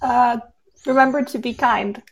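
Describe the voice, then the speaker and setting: A woman who is a podcast guest, chatting casually in a slow, playful way. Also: a little high, fairly even intonation. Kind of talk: casual chat. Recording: loud crowd noise behind.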